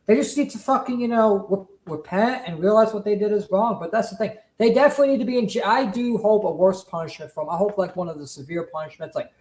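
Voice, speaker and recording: A commentary streamer rants with heavy emphasis and frequent swearing. The voice sits at a middle pitch. The room adds a noticeable echo. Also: fast, hardly any pauses, a little mellow. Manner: profane, emphatic, repetitive. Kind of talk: heated casual rant.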